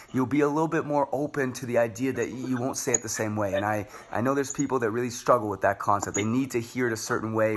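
A man, a former gymnast, hosting an interview and telling stories in an animated, conversational way. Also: medium pitch. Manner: animated, anecdotal storytelling. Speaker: podcast host, former gymnast.

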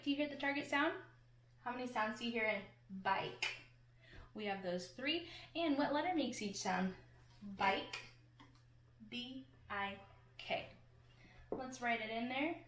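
A woman teacher patiently leads children through a phonics lesson, sounding out words and letters one at a time. Her voice is on the high side with a fairly bright tone. The room is echoey.

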